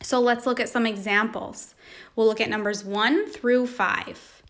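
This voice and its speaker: A woman teacher giving a recorded phonics lesson to children, speaking slowly and carefully, sounding out each word. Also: a little high, fairly even intonation, fairly bright tone.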